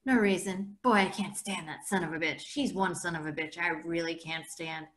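A woman's voice: fairly low pitch, moderate pace, fairly bright tone, natural voice. A woman reading aloud the lines of a surly, nosy teenage boy who swears bluntly.

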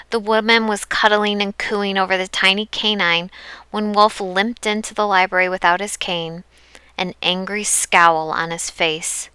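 A woman narrating an audiobook chapter with steady, even storytelling. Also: medium pitch, a little slow, clean tone, no echo. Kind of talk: scripted narration.

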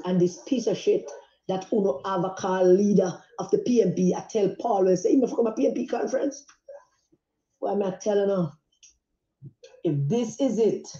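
A woman's voice: lowish voice, dark tone, echoey room, muffled recording. An angry, agitated woman with a Jamaican accent, speaking out in a heated phone voice note. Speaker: politician in a voice note.

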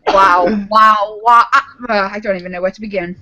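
A woman's voice: mid-range voice, steady tone, normal speed, bright, forceful tone. A woman from Liverpool with a thick Scouse accent, joking in a mock-serious, ironic way during a streamed group chat. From Liverpool, England. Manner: ironic, heavy regional accent others can't follow. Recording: dull lo-fi stream audio.

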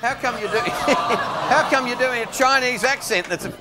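A man's voice: very high-pitched, normal speed, over music, crowd noise. Chatty male TV host. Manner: chatty, chuckling, playful asides. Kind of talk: casual studio banter, reading viewer letters.

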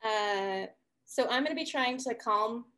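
A woman taking part in a tabletop role-playing game, explaining what her character does. Her voice is fairly high, and her talk is loose and casual with plenty of hesitations. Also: a little slow, pushed and bright. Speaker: player.

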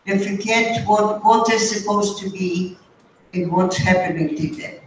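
Older woman, slow deliberate storytelling, far from the mic, booming hall echo, faint noise. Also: fairly even intonation. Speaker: guest speaker. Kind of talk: storytelling testimony. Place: high school auditorium.

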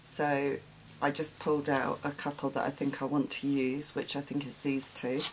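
A woman hosting a real-time craft tutorial, talking quietly to herself as she works. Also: very deep voice, flat delivery, slight background noise. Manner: unhurried, talks while working, quiet asides.

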